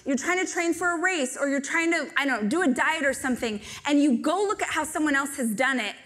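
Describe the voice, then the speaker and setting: A woman giving a live stage talk to an audience, telling stories in an animated, joking way. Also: sits high, fairly quick. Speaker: motivational speaker.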